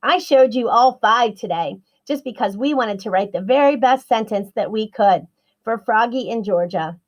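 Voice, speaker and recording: A woman teaching a writing lesson to young children, slow and sing-song, stretching her words out and encouraging them. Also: fairly high pitch.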